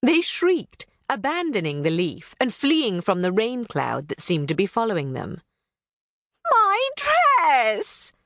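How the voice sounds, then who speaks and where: Animated woman narrating a children's book. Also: fairly low pitch, moderate pace, few pauses, no room sound, studio quality. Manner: animated, storytelling. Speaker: audiobook narrator.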